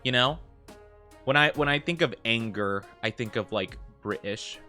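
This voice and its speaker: An American man chats through a game livestream, drifting from thought to thought with plenty of filler words. His voice is bright and forward at a middle pitch, and a faint bed of music plays quietly beneath him. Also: moderate pace. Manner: rambling, heavy use of fillers like "like". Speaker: streamer. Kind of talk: casual livestream chat.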